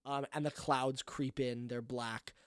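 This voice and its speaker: A woman's voice: extremely low pitch, fairly even intonation, measured pace, no room sound, clean studio sound. A woman narrating a tabletop game podcast as game master, with many ums and uhs. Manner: hesitant, filler-heavy narration.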